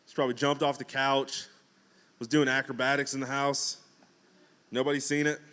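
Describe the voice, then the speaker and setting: A man preaching in a relaxed, conversational way from a church pulpit. His voice sits at a middle pitch. He breaks into acted-out quotes and jokes as he goes. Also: moderate pace, clean tone. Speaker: pastor. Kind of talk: casual sermon.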